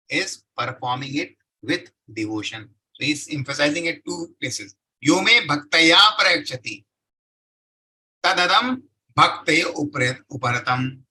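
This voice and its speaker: In a devotional scripture class, a man recites Sanskrit verses, explains them, and keeps posing questions to his listeners that he answers himself. He sounds a little high, animated, bright and forceful, slightly rough, at normal speed on a low-quality recording.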